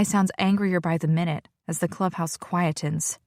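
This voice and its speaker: A woman narrating a first-person romance audiobook with a sassy, expressive delivery. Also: low voice, normal speed, no room sound, studio quality.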